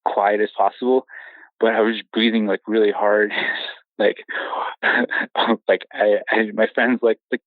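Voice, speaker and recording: A man's voice: lowish voice, flat delivery, moderate pace, no echo. A young man telling his own scary encounter story in a rambling way, stumbling over restarts and laughing nervously. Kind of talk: casual storytelling. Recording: tinny phone line.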